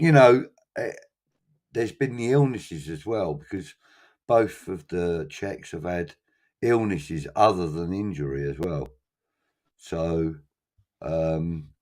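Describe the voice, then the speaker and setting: A man's voice: low voice, a little mellow. A man hosting a casual fan chat show, reading out viewer comments and talking things through with frequent ums. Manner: chatty, hesitant with many ums.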